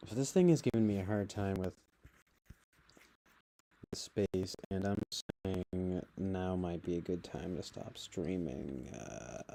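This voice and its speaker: A man streaming live, reading news aloud and reacting with casual, sarcastic commentary. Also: mellow. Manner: sarcastic, swings into mocking high voices.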